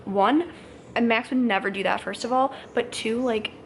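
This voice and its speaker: Woman, 20s, vlogger, rambling rant, lots of "like", highish pitch. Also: a little hiss or hum. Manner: fast, rambling, full of "like". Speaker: vlogger, young mother. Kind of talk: casual ranting vlog to camera.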